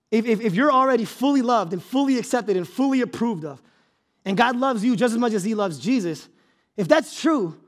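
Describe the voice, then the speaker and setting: This pastor's very high-pitched voice drives a fervent sermon. He frequently raises it to a shout for emphasis, repeating words whenever he starts a phrase over.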